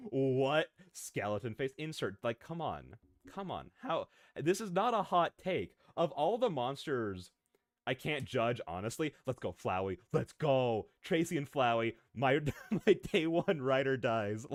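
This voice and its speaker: A man streaming as a VTuber, chatting casually with his viewers in an excitable, rambling way, drifting off on tangents and laughing often. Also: mid-range voice, no echo, clean studio sound. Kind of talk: casual live-stream chat, answering viewers.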